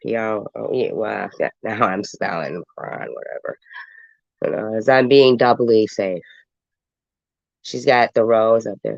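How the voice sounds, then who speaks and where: A woman's voice: very deep voice, a little slow, vocal fry, dry recording, dull audio. A woman with a stuffy, congested voice giving sarcastic, mocking live reaction commentary. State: congested from a cold.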